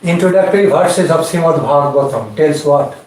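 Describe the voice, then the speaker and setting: Slow-explaining man teacher in echoey room. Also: a little high, darkish tone. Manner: measured, repeats phrases, chants Sanskrit verses. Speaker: spiritual teacher. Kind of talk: scripture class lecture. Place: indoor class room. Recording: echoey room, distant mic, faint noise.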